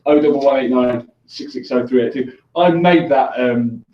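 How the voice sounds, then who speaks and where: A man's voice: medium pitch, moderate pace, slight background noise. A man hosting a call-in show, chatting casually with callers, joking and laughing easily. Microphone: headphones on, mic at a distance. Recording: echoey room, distant dull lo-fi mic.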